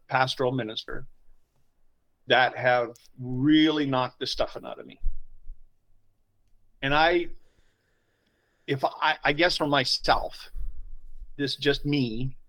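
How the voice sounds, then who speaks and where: A middle-aged man, a pastor telling personal stories in an interview, swinging from quiet asides to loud emotional bursts. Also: mid-range voice, low-quality recording. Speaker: pastor, podcast guest. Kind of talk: conversational storytelling interview.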